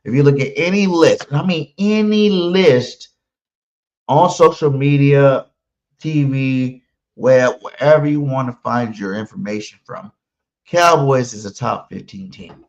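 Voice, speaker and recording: A man's voice: medium pitch, measured pace. A man hosting a live pregame podcast, brash and emphatic, repeating his promises over and over. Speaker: podcast host. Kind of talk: hyped live pregame stream, reading chat. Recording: muffled lo-fi stream audio.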